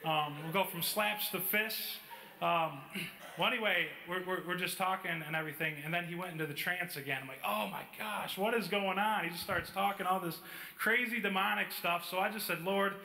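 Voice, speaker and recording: High-voiced man preaching in an echoey church. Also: brisk, creaky. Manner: casual, animated, many "like" fillers. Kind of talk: sermon storytelling. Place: church hall.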